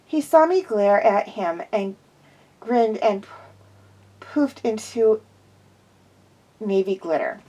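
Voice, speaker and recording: As an amateur storybook narrator, a woman reads a first-person fan fiction aloud, often slipping and correcting herself. Her mid-range voice is animated and mellow, her pace slow with frequent pauses, and the sound is lo-fi.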